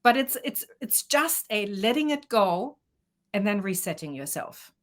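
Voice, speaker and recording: A woman's voice: medium pitch, sing-song, a little slow, a bit bright. A woman coach answering interview questions, explaining and advising at length.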